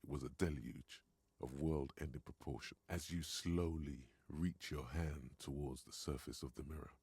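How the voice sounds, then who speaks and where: A man's voice: a bass voice, fairly even intonation, moderate pace, darkish tone, slightly rough, no room sound, full character voice. A man voicing a grave narrator in a video game, telling the scene in a dry, grimly witty way.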